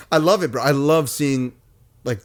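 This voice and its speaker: A man's voice: on the high side, slow pace, no echo. A young man co-hosting a podcast in casual, profane, joking chat. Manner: profane, joking, breaks into mock British accents. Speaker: podcast co-host.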